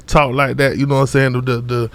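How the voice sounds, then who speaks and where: A young man from Orlando talks about his rap career in a loose, rambling way, full of street slang and "you know what I'm saying." His delivery stays flat and even, with little rise and fall. He speaks as a guest in a casual interview. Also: mid-range voice, vocal fry. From Orlando, Florida. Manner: loose, repetitive, street slang, frequent fillers. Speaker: rapper guest.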